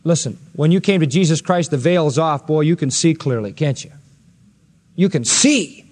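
A man's voice: fairly high pitch, expressive, normal speed, a little mellow, long reverb tail. A male pastor preaching an expository sermon, earnest and rising to emphatic peaks when quoting scripture.

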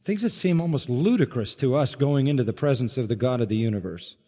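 A man preaching an expository sermon, emphatic, swinging from loud exclaims to low asides and asking the congregation questions. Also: lively intonation, fast, long reverb tail. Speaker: pastor.

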